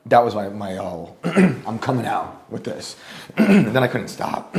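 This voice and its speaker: Low-voiced man rambling through a story. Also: expressive, unhurried. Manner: rambling, full of "like" fillers, frequent throat clearing. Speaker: guest journalist. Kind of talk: casual conversational storytelling. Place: home, at a lunch table.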